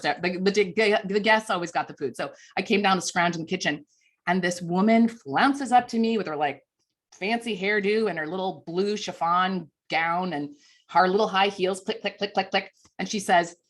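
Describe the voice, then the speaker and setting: A woman in her fifties, a communications coach giving a lively, chatty storytelling speech at a conference. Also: fairly low pitch. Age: 50s. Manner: lively, chatty, self-deprecating.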